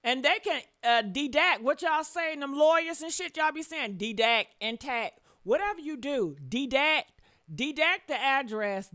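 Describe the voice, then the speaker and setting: A woman hosting a live stream, commenting loudly and profanely on a family dispute and shouting out exclamations. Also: sits high.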